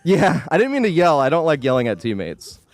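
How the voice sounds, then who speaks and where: A man talks through his live gameplay stream, with a voice that leaps up and down in pitch. He is chatty and excitable, yelling at the game and then apologizing for it. He thanks viewers between plays. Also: a little fast.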